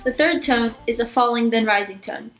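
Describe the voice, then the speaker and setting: A woman reading a scripted language lesson, explaining rules in a clear, steady way. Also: on the high side, normal speed, soft background music, poor audio. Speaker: language teacher.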